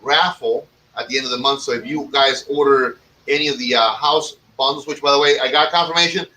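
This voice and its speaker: A man's voice: medium pitch, fairly even intonation, a little fast, sharp tone, recorded from a distance, slight background noise, low-quality recording. A man hosting a casual podcast, chatting and joking while he plugs promotions, with lots of filler words. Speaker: podcast host and cigar shop owner.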